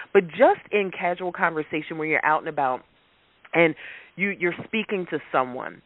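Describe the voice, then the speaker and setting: A man's voice: fairly high pitch, no room sound. A man working as a life coach, giving an emphatic motivational talk and repeating his key points. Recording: dry phone-like radio sound.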